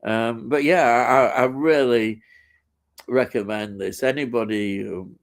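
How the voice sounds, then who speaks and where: A man's voice: mid-range voice, slow, gravelly. A middle-aged man chatting casually on a live stream, rambling enthusiastically with many fillers and restarts as he reads out viewer comments.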